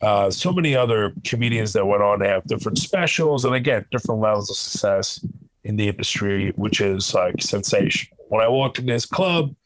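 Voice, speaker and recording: A man from Kuwait, a comedian guest, telling stories in an animated, casual way full of "like" fillers. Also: lowish voice, a little fast, low-quality recording. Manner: animated, lots of "like" fillers, chuckles while talking. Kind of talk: conversational storytelling.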